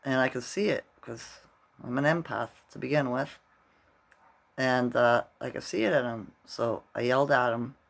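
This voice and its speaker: A man's voice: mid-range voice, normal speed, gravelly, fairly bright tone. A middle-aged man vlogging casually, rambling through a story and tagging his sentences with "right?".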